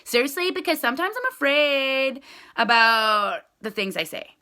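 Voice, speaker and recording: A woman's voice: high-pitched, sing-song, normal speed, sharp tone. A woman who leads a direct sales team, chatting casually and in a rambling way with viewers on a live stream.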